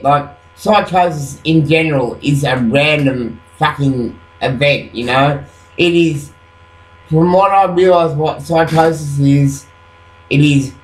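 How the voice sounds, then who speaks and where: A man rambling at night into his webcam, agitated, swearing constantly and filling gaps with "you know". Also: on the high side. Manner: rambling, profane, agitated, full of fillers. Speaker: vlogger. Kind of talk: rambling late-night monologue. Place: at home at night after waking up. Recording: roomy echo.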